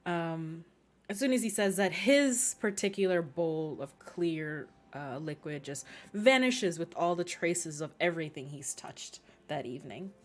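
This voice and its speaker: A woman's voice: on the low side, unhurried. A young woman narrating a tabletop game as game master, hesitant with many fillers.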